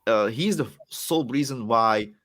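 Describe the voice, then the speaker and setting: A young man from the Czech Republic with a Czech accent, chatting casually as a podcast guest and laughing often. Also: a little slow. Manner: animated, laughs often, swings between excited and low. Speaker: guest wrestler.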